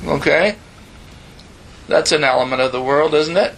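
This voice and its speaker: An older man preaches in a bright, slightly high voice with a gravelly edge. His sermon is folksy and loose, and he often repeats and restarts his words. A faint hum sits under the voice. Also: normal speed, rough recording.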